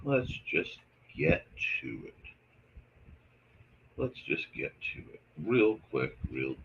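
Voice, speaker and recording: A man hosting a casual livestream, chatting to his audience and softly talking to his cat while he draws. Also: deep voice, big pitch swings, slow pace, highs cut off, a little hiss or hum. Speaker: host.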